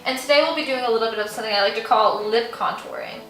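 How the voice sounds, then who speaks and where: A woman's voice: on the high side, rapid-fire. A young woman doing a casual makeup tutorial at home, chatty and giggly with jokey asides. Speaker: makeup vlogger. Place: room at home. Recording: echoey room with music behind.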